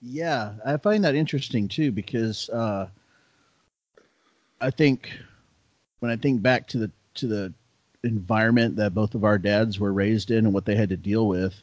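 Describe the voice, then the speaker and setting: A man in a casual podcast chat, telling stories in a relaxed, laid-back way. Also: lowish voice, moderate pace, dry recording. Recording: slightly dull, dry sound.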